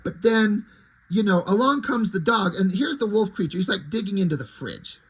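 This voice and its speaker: Husky, high-voiced man chatting about comics. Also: animated, normal speed, a bit bright, low-quality recording. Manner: chatty, rambling, swears casually. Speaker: comic book reviewer. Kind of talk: casual commentary.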